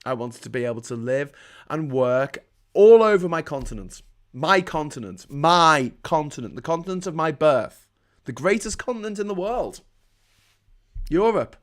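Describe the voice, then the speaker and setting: A man's voice: on the high side, very animated, moderate pace, darkish tone. A man from the UK hosting a live stream, ranting in a sarcastic, sweary way with many false starts and restarts. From United Kingdom. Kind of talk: live-streamed political rant.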